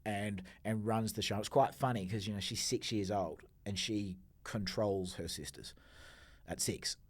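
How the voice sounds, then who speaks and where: A man's voice: on the low side, measured pace. A man in his forties with an Australian accent, a guest telling stories in a casual interview, acting out his own outbursts. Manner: animated storyteller, acts out quoted outbursts, swears freely. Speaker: podcast guest, entrepreneur.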